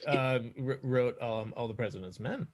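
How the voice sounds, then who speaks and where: A man's voice: medium pitch, normal speed. A man co-hosting a movie show, introducing titles and chatting casually, with some hesitant fillers. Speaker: co-host of a movie review show. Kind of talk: casual film discussion.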